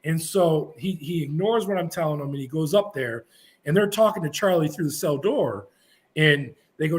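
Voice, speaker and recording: A man's voice: a little high, animated, normal speed. A middle-aged man, a former prison officer, telling vivid, blunt stories as a podcast guest. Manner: vivid, blunt anecdotes with frequent restarts. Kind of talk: animated storytelling.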